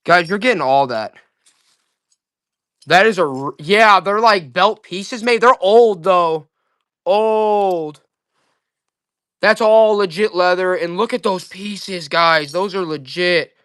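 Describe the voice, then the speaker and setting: A man's voice: high voice, unhurried. A man selling items on a live auction stream, hyping each piece and talking to his viewers. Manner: excited hype salesman talk.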